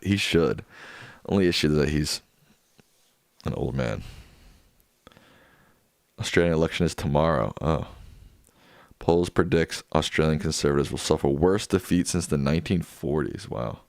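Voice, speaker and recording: Host, male, very low voice, dry close mic, offhand chat reader. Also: normal speed, vocal fry, long pauses, no room sound. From United States. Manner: reads viewer comments aloud and answers offhand. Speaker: livestream host reading chat. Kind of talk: casual chat.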